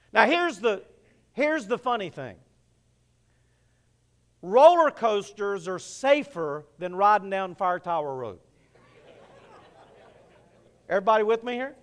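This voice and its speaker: A male pastor preaching a sermon, telling a story in an animated, playful way. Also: sits high, smooth.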